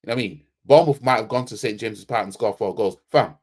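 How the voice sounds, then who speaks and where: A man's voice: fairly low pitch, fast talker. A man hosting a football fan channel, giving a heated, blunt match reaction full of slang and repeating himself for emphasis.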